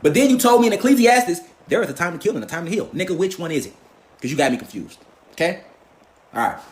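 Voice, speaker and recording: Heated, high-voiced man ranting. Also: sing-song, fast talker. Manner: heated, mocking, rhetorical questions. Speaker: host of a lecture channel. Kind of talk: profane, animated monologue.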